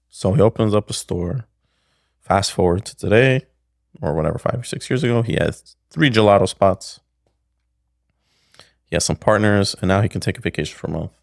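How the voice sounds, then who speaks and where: A man's voice: fairly low pitch, moderate pace, vocal fry, pauses often, dry recording. A middle-aged man, a podcast guest, telling a story casually, rambling, with many restarts, on a close studio mic. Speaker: podcast guest, pickle maker.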